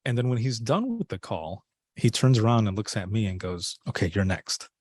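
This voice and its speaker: A man's voice: fairly low pitch, lively intonation, moderate pace, darkish tone, dry recording, clean studio sound. A man telling a personal story in a casual interview, acting out the dialogue he quotes. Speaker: podcast guest, former dispatcher.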